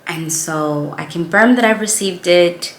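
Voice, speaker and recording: A woman's voice: on the low side, a little slow, echoey room, low-quality recording. A woman and small business owner telling a personal story in a vlog, earnest and reflective as she talks about her faith.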